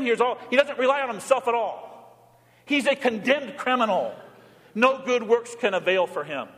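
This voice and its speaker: A pastor preaching a sermon, moving between plain teaching and short acted-out pleas spoken in quoted voices. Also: male voice, very high voice, lively intonation, normal speed, a bit bright. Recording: church hall reverb.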